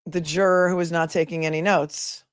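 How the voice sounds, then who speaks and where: A woman attorney hosting a casual livestream, chatting and reading out viewer comments with quick asides. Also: lowish voice, steady tone, clear, resonant tone, no room sound, clean studio sound. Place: home in a remote area.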